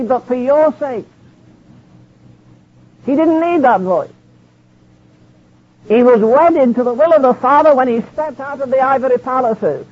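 A man's voice: very high-pitched, husky. A man preaching a sermon, reading scripture in old King James wording. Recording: dull lo-fi archive sermon recording.

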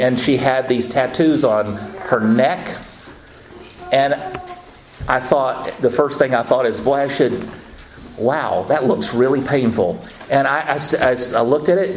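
A man preaching a sermon, telling stories with quick asides and slowing down for emphatic lines. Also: mid-range voice. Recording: echoey room with faint ambient noise.

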